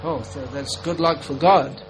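Wry higher-voiced preacher with faint music. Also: male voice, fairly even intonation, a little slow, low-quality recording. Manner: conversational, wry, emphatic. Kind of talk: sermon.

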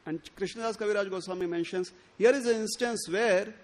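A man giving a sermon, acting out the quoted lines with stammered restarts. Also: a little fast. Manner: expressive, acts out quoted lines with rising pitch and stammered restarts. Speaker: speaker giving a scriptural discourse.

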